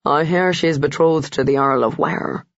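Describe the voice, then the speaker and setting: A man reading a wary, earnest young gentleman. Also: on the high side, fairly even intonation, moderate pace, creaky, dry recording. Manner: cautious, earnest. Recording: dull lo-fi dry audio.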